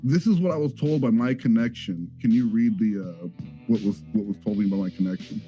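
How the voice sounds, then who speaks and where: A man's voice: fairly low pitch, a little fast, mellow, muffled recording, faint music behind. A man on a livestream wryly telling a story, with asides along the way.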